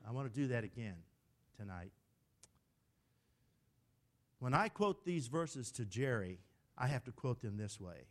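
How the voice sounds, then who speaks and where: An older man preaching a sermon from the pulpit, emphatic, urging the congregation to recite with him and shouting lines for emphasis. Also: mid-range voice, sing-song, measured pace, long pauses. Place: church sanctuary at the pulpit.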